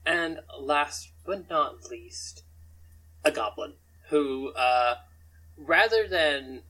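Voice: mid-range voice, lively intonation, extremely slow, bright, forceful tone, poor audio. A game master narrating a tabletop game in a rambling way, often chuckling between descriptions.

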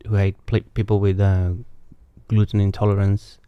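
A man's voice: lowish voice, level tone, moderate pace, clear, resonant tone, dry recording, muffled recording. A man, a comedian guest on a podcast, riffing playfully and often restarting his sentences. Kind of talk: casual comedic banter.

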